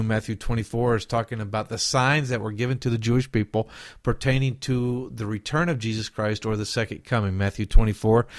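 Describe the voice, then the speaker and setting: A man's voice: on the low side, no echo, studio quality. A man with a Southern US accent, hosting an unscripted Bible prophecy Q&A podcast and answering listener questions, meandering and circling back to restate passages.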